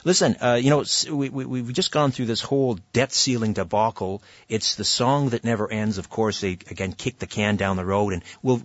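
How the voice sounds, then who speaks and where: A man's voice: on the low side, slightly rough, dry recording, dull audio. A man hosting a radio talk show, telling a story in a chatty way with many fillers and restarts. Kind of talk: conversational radio monologue and interview. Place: radio studio.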